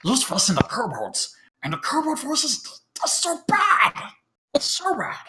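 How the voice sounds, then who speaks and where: With a very high-pitched, wildly swooping voice that's bright and forceful, a game master explains the rules of a tabletop game at a measured pace, chatty, self-mocking, and full of ums.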